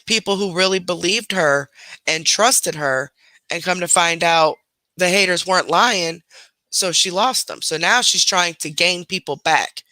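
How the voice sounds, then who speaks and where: A man's voice: high voice, a little slow, pushed and bright, no echo. A man giving reaction commentary on a clip, talking in a scornful, sarcastic way.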